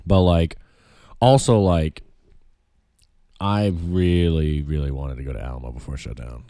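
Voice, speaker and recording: A man's voice: extremely low pitch, steady tone, measured pace, dark tone, no echo, studio quality. A young man, swearing freely and telling blunt stories in a casual podcast chat. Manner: profane, blunt storyteller. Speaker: podcast co-host.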